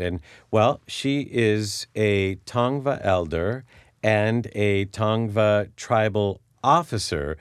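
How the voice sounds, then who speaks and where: Earnest radio host, dry studio sound. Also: male voice, lowish voice, smooth, no room sound. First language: Sicilian. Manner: earnest, emotional, frequent restarts. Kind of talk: heartfelt storytelling talk show.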